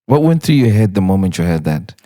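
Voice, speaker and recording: Male podcast host, animated pitch, curious and chatty interviewer. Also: fast talker. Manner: curious, prompting questions, laughs often. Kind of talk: casual interview chat.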